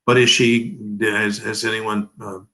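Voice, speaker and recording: A man's voice: lowish voice, flat delivery, unhurried, sharp tone, low-quality recording. A man in his seventies giving emphatic, oratorical legal commentary as an interview guest, leaning on rhetorical questions. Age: 70s.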